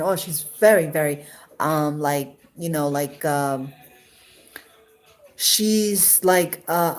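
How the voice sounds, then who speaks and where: New woman, livestream storyteller, emotional and rambling, faint music under her. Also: medium pitch. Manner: emotional, rambling, many restarts and fillers. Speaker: livestream host. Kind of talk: casual storytelling to live viewers.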